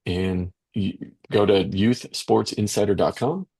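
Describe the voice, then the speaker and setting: Co-host, male, lowish gravelly voice, affirming sidekick, conversational. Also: darkish tone. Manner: affirming, many quick agreements. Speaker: podcast co-host. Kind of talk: casual podcast chat.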